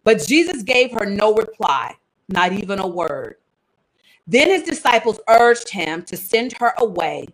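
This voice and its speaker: A woman teaching the Bible to an online audience in a chatty, animated way, thinking aloud and tossing in slang asides. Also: mid-range voice, a little slow, low-quality recording.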